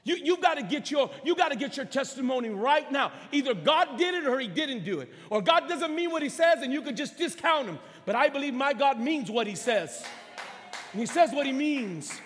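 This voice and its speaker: A pastor preaching a sermon in a church, calling out to the congregation and swinging from soft delivery to shouts. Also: male voice, very high-pitched, lively intonation, moderate pace. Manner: impassioned preaching with call-and-response. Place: church sanctuary. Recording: long hall reverb.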